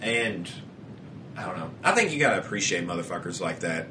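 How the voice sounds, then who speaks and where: A man's voice: low voice, sing-song, brisk, noisy background. A young man co-hosting a podcast, rambling casually with frequent restarts and a lot of swearing. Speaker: podcast co-host.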